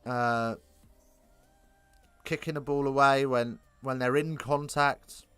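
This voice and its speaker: A man calling a live rugby game, chatty and self-correcting, lifting into excited bursts on big plays. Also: mid-range voice, takes it slowly, clean tone, no echo, faint music behind. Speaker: rugby commentator. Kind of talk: live alternative play-by-play commentary.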